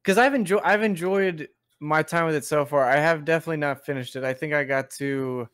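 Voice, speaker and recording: A young man co-hosting a podcast, chatting casually and retelling game scenes in an animated way. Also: a little high, brisk, smooth. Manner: animated storyteller, acts out scenes in goofy voices. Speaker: podcast co-host. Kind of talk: casual chat.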